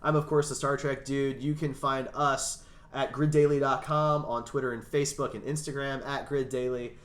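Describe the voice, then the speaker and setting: A man hosts a casual panel podcast, steering the talk between guests and laughing easily. His voice sits at an ordinary pitch and carries a roomy echo. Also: fairly even intonation, moderate pace. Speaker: podcast host.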